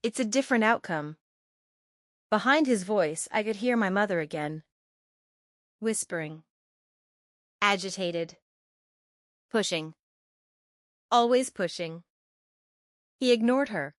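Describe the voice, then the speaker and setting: Calm, unhurried woman storyteller. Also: mid-range voice, no echo, clean studio sound. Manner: calm, terse short sentences. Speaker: narrator. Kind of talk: scripted first-person story narration.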